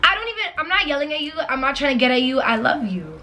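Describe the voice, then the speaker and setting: A woman's voice: sits high, very animated, fast, pushed and bright, slight background noise. A young woman giving blunt, emphatic relationship advice in a casual vlog, repeating her points and swearing freely. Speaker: advice vlogger.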